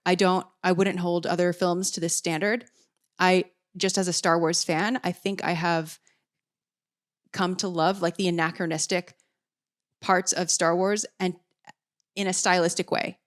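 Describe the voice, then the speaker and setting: Hesitant, thoughtful woman podcaster, lowish voice. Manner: thoughtful, hesitant, many restarts and qualifiers. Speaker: podcast host. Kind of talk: reflective solo commentary.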